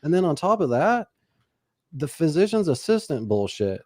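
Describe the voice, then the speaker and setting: A man in his forties co-hosting a podcast, telling stories in a loose, profane, animated way. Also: on the high side, normal speed, no room sound, clean studio sound. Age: 40s. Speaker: podcast co-host. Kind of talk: casual podcast chat.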